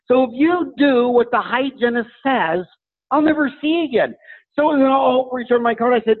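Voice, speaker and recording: Brief: middle-aged man, dentist guest, high and animated, thin phone-quality sound. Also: normal speed. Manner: animated, acts out dialogue with patients. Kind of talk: energetic storytelling interview talk. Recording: tinny phone-like audio.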